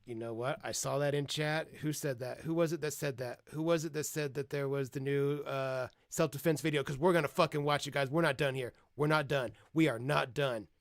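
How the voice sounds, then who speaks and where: Gravelly man mocking in dry commentary. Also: mid-range voice, steady tone, brisk, hardly any pauses, no room sound. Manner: mocking, profane, gleeful. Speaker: streamer reacting to videos. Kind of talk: live stream commentary.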